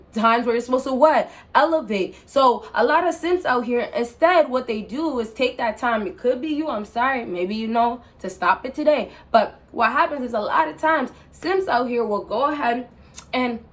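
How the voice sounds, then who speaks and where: A young woman giving blunt dating advice in a casual vlog monologue. She talks in a preachy way and keeps apologizing. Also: a little high. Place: indoors, seated in a rolling chair.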